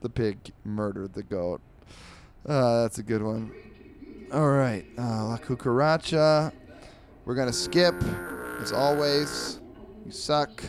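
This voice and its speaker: A man's voice: mid-range voice, noisy background. A man hosting a comedy podcast, reading newspaper comics aloud with rambling, sarcastic asides. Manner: does quick voices for characters. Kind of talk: casual comic reading with commentary.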